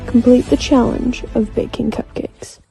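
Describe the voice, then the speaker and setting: A woman playing a dramatic movie-trailer announcer with a slow, booming, gravelly delivery. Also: fairly even intonation, low-quality recording. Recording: loud music behind.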